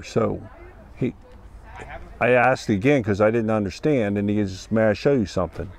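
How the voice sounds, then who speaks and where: A man's voice: fairly low pitch, normal speed, a little mellow. A man earnestly telling a personal experience, acting out the dialogue as he goes. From Ohio. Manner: earnest, plain-spoken, acts out dialogue. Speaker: festival attendee sharing an experience. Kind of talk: personal storytelling.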